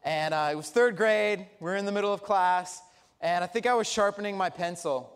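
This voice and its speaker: With a clear, resonant, high-pitched voice and a fairly quick delivery, a pastor preaches in a church sanctuary. He keeps it lively, telling chatty stories with humor, under long church reverb.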